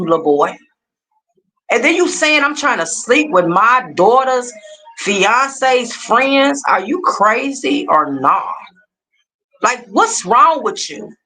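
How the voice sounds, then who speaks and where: Bright-voiced woman ranting on a livestream. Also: medium pitch, rough recording. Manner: emphatic, scolding, preacher-like. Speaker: livestream reaction host. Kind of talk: heated livestream rant.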